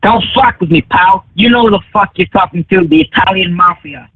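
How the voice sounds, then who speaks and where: A man's voice: high-pitched, brisk, slightly rough. A male caller putting on a tough-talking mobster voice, brash and threatening. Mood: menacing. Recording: tinny phone line.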